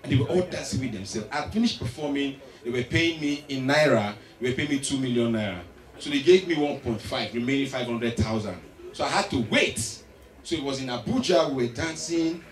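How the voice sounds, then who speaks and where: A man with a Nigerian accent telling a stand-up story, animated and getting loud on the punchlines. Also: medium pitch, fairly quick. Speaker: stand-up comedian. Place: large live venue stage. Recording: echoey hall, distant mic, loud crowd.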